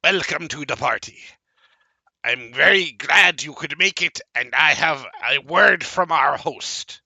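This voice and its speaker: A man voicing a small gray bat-eared ghoul servant, fawning and excitable, in a tabletop game. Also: measured pace, creaky, slightly rough, dry recording, heavily acted. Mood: eager. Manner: squeaky, excited, rambling.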